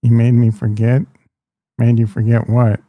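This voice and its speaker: A man's voice: medium pitch, little pitch movement, moderate pace, no echo, narrow, tinny audio. A man hosting a live stream, talking in a crude, joking, rambling way. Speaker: host. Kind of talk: casual live-stream chat.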